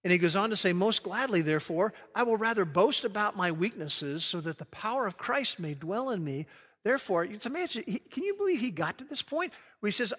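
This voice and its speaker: A man preaching a sermon in an earnest way, sinking to a soft hush on key phrases. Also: sits high, sing-song, brisk. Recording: long hall reverb.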